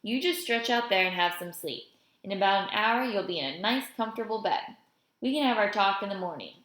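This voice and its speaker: A woman's voice: medium pitch, lively intonation, brisk, a bit bright, natural voice. A woman reading the part of a joking, fatherly older man who drives a car, in a storybook reading. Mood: gentle. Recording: roomy echo.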